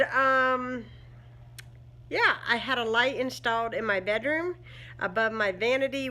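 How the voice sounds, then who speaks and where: A woman's voice: a little high, bright, forceful tone. A woman chatting casually in a home vlog, rambling with many fillers and frequent laughs. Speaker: vlogger. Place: at home indoors.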